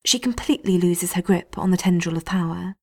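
A woman reading a story aloud in a hushed, often half-whispered delivery. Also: lowish voice, brisk. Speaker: narrator.

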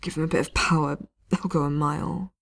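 A woman reading aloud and voicing a big, battered male warrior who speaks in a quiet, rusty, halting voice. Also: low-pitched, fairly even intonation, vocal fry, exaggerated voice. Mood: pained. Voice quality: rusty, pained.

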